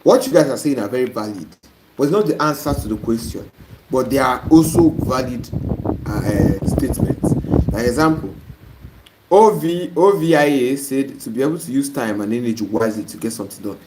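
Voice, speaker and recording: Expressive, fairly quick and a little mellow, a medium-pitched man with a Nigerian accent teaches an online course over a live stream. Going through viewer comments, he scolds incorrect answers bluntly; the stream's audio is noisy.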